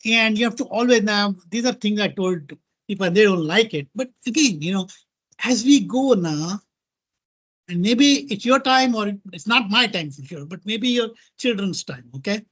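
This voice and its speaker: A middle-aged man from India with an Indian accent, giving a lively informal talk to an audience, mixing in Hindi phrases and often checking in with "right?" and "okay?". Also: high-pitched, normal speed. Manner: animated, mixes Hindi into English, repeats "right?" and "okay?". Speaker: guest speaker.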